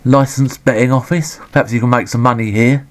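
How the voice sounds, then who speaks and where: A man giving sweary, deadpan, sarcastic commentary on a retro game. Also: mid-range voice, brisk.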